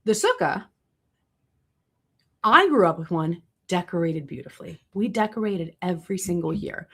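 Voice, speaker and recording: A young adult woman hosting a casual livestream, answering viewer questions with chatty, animated storytelling and asides. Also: fairly low pitch, normal speed, breathy edge.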